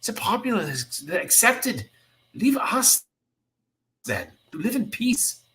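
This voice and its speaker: A man's voice: medium pitch, lively intonation, normal speed, a bit bright, lightly acted, poor audio. A man voicing a weary, disillusioned male mutant hero who has lost faith in the cause, read aloud with impassioned conviction.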